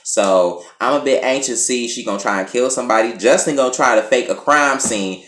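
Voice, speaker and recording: A man's voice: mid-range voice, a little fast. A man casually recapping and reviewing a TV episode, blunt and profane. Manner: animated, blunt, profane, chatty. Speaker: TV review vlogger. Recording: roomy echo.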